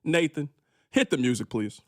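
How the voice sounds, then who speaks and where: Animated high-voiced sports radio host. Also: male voice, moderate pace, dry recording, clean studio sound. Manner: animated, exasperated ranting with mock voices. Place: radio studio. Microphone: studio microphone.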